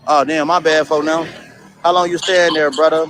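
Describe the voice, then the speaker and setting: A man's voice: a little high, flat delivery, normal speed, fairly bright tone, slight background noise, poor audio. A man vlogging as he walks around a street outdoors, chatting casually with passers-by and swearing now and then. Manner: laid-back, swears, chats with passers-by. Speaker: travel vlogger.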